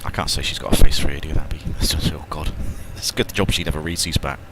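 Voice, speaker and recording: Over voice chat, a British pilot streams a flight simulator, joking around and running through checklists out loud with a bit of mild swearing. His bass voice has fairly even intonation and a fast pace, with heavy background noise and a British English accent.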